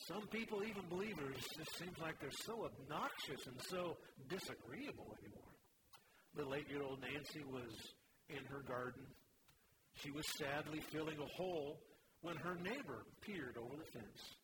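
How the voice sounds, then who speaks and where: Animated, emphatic male preacher. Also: on the high side, normal speed, background noise. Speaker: pastor. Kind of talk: sermon.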